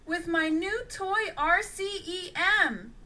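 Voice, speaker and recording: Storybook hero: a woman doing a commanding male team leader, blunt, high and bright. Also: takes it slowly, full character voice. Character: determined male superhero leader.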